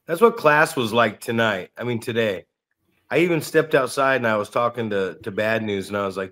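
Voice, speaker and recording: A man co-hosting a podcast and coaching, telling stories in blunt, profane, animated casual chat. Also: mid-range voice, normal speed. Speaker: podcast co-host and wrestling coach.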